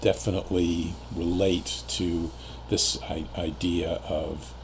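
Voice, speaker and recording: A man hosting a podcast, reflecting in a halting way with restarts. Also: sits low, flat delivery, gravelly, slight background noise. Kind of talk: casual conversation.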